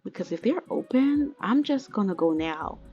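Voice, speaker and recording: A woman's voice: mid-range voice, lively intonation, normal speed, highs cut off, lightly acted. Woman voicing a nervous pregnant young woman, hesitant, full of ums, faint music behind. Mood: worried. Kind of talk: voicing characters in a game let's play.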